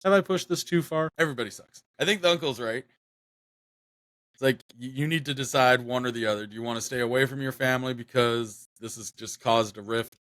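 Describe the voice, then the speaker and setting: A young man talking on a podcast in a loose, meandering way, full of fillers and restarted sentences. His voice sits at an ordinary middle pitch. The recording is close and dry, with no room sound. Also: fairly quick, fairly bright tone, dry recording. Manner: rambling, many fillers and restarts. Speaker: podcast co-host. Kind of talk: casual podcast chat.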